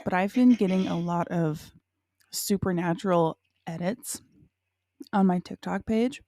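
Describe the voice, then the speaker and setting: Low, gravelly young woman co-host. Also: unhurried, dark tone, no room sound, studio quality. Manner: laid-back, wry, giggly. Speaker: podcast co-host. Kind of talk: casual chat.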